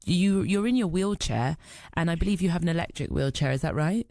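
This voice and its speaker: Mellow, low-voiced woman radio interviewer. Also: fairly quick, no echo, clean studio sound. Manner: probing, gentle questions. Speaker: radio presenter.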